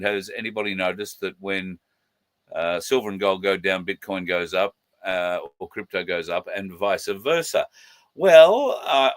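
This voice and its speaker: A man hosting a casual live stream, chatting and greeting viewers by name, with many drawn-out fillers. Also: lowish voice, a bit bright, no echo. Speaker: livestream host.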